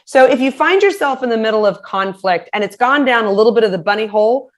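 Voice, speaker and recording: As an interview guest, a woman offers practical communication advice in an animated way, acting out example phrases in shifting voices. Her voice is a little high and her pace is quick.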